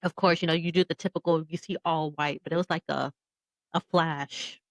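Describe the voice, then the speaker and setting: A woman's voice: deep voice, steady tone, moderate pace, no echo, low-quality recording. Woman in her thirties, podcast co-host, candid emotional storytelling, dry close sound. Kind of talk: casual podcast conversation.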